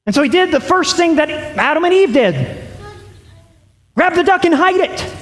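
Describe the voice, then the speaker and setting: High-voiced pastor telling a story in church. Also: male voice, reverberant. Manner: animated storytelling. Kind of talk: sermon.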